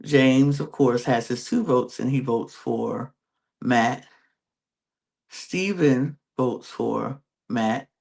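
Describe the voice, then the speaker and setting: Gravelly man recapping a reality show. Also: medium pitch, very slow, a little mellow. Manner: retells scenes by acting out contestants' quoted reactions. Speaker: podcast host.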